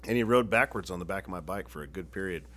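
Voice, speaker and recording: A man's voice: low voice, fast, a bit bright, a little hiss or hum. A man telling rowdy stories to friends in casual chat, swearing a lot and laughing through his own tales. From Phoenix, Arizona area. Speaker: storyteller among friends.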